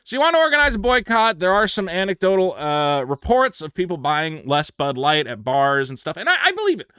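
A man giving opinionated, sarcastic commentary as a YouTuber, emphatic and animated. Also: high voice, brisk, smooth, no room sound, clean studio sound.

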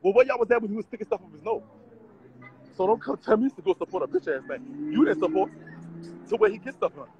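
A man's voice: high-pitched, animated, fast, highs cut off, slight background noise. A man, vlogging on city streets in a brash, profane, laughing rant. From Louisiana. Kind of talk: casual street vlog rant.

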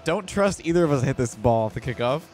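A man's voice: mid-range voice, lively intonation, a little fast, loud music behind the voice. A man hosting a gaming video who laughs often, commentating a match with friends.

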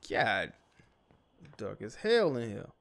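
A young dad and gaming YouTuber speaks slowly in a fairly low voice with vocal fry, yet very animated, while playing a survival game. He comments loosely and profanely, talking to himself and the characters on screen.

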